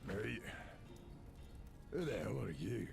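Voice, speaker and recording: A gravelly Welsh dwarf blacksmith speaks gruffly in a video game, blunt with strangers and dryly funny. His voice swings up and down in pitch as he talks. Game music plays under him. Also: big pitch swings, slow, a little mellow, heavily acted. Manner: gruff, dry humor. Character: gruff male dwarf smith, blunt and wry.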